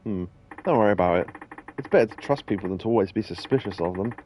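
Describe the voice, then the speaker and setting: A man reading out the lines of a calm, kind male detective from a game's subtitles, in a voice close to his own. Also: on the low side, quick pace, slight background noise, lightly acted. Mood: reassuring. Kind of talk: reading game subtitles aloud.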